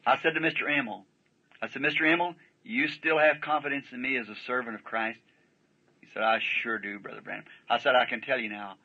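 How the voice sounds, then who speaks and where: A man's voice: medium pitch, steady tone, brisk, pushed and bright, slightly rough. A man preaching a sermon, telling a story in a folksy, rambling way and often breaking in with "see?". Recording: dull lo-fi archival sermon tape.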